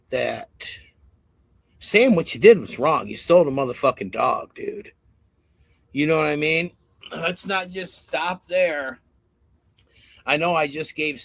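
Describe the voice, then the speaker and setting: A man's voice: medium pitch, vocal fry, fairly bright tone, no room sound. A man hosting a live stream in a casual, profane and mocking way, rambling to his audience. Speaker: stream host.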